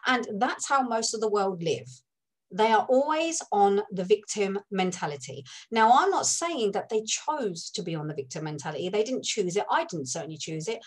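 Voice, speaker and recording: Une femme à l'accent de l'Essex, invitée d'un podcast, raconte son parcours avec franchise et imite des voix au fil du récit. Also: female voice, medium pitch, very animated, normal speed, slightly rough, low-quality recording. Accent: Essex English. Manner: candid storytelling, acts out voices. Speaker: podcast guest. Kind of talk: casual conversation.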